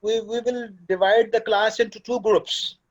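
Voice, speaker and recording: On dull audio, a man with a high voice lectures students in a classroom at a moderate pace and with fairly even intonation. As course director, he speaks paternally and occasionally shifts into Urdu.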